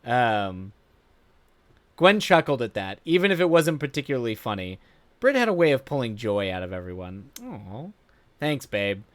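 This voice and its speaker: A man streamer reading a viewer's story aloud, with animated laughing asides and frequent self-corrections. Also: mid-range voice, moderate pace, no room sound.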